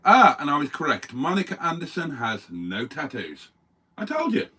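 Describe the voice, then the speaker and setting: A man's voice: fairly high pitch, huge pitch swings, moderate pace, sharp tone, husky. An older man co-hosting a casual live stream, reading out viewer comments with wry, self-mocking banter.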